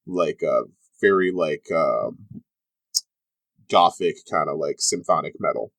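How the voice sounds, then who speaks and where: A man's voice: a bass voice, unhurried, vocal fry, fairly bright tone, dry recording. A young man narrating a tabletop game as game master, rambling and full of fillers.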